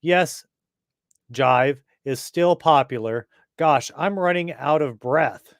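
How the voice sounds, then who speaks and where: A man's voice: a little high, takes it slowly, clean tone, no room sound. A man voicing a cheerful young boy radio reporter in a comic reading, eager and chatty.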